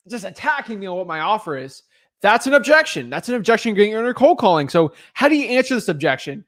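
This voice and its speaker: Energetic young man coaching sales. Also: high-pitched, fairly quick. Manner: energetic, repetitive, conversational. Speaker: real estate wholesaling coach. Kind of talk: live sales training talk.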